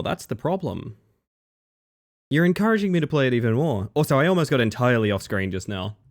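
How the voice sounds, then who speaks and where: A man from Western Australia chatting casually on a livestream at his desk mic, rambling and laughing often. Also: medium pitch. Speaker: streamer.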